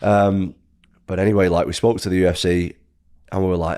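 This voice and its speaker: The UK guest fighter, an English-accented man in his thirties, sounds low and a little mellow, speaking fairly quickly with fairly even intonation. He tells his story in a loose, rambling way, heavy on fillers and constant self-correction.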